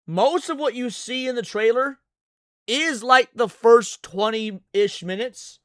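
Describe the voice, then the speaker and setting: A man's voice: very high voice, takes it slowly, no echo, faint music behind. A man streaming live, reacting to clips with brash, profane, emphatic casual commentary into a close mic.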